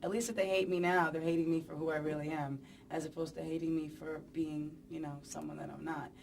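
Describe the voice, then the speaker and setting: A woman's voice: deep voice, little pitch movement, brisk, vocal fry, distant mic, a little hiss or hum. A woman singer giving a casual press interview, chatty and playful, rambling with plenty of fillers. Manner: chatty, playful and rambling, many "you know"s. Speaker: pop singer being interviewed. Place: press event.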